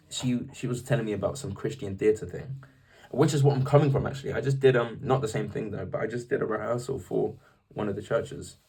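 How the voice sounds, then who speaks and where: A man's voice: mid-range voice, vocal fry, slightly rough, recorded from a distance. A young English man in a casual, rambling vlog about faith, often restarting his sentences. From England. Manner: rambling, animated, self-interrupting. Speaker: vlogger. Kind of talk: casual faith talk to camera.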